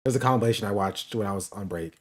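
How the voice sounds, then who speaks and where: A man's voice: on the low side, quick pace. A man hosting a stream, chatting casually with laughing asides. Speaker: streamer host.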